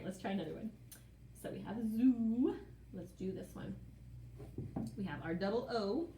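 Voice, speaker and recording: A woman teaching young children phonics, sounding out words slowly in a playful, sing-song way. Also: medium pitch, lively intonation, mellow, echoey room, a little hiss or hum.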